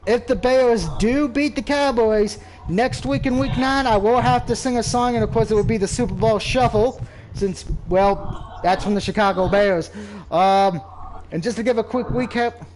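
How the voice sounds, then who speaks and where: A man's voice: high-pitched, normal speed, background noise. A man hosting a casual sports picks stream, joking, laughing often and swearing. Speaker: host.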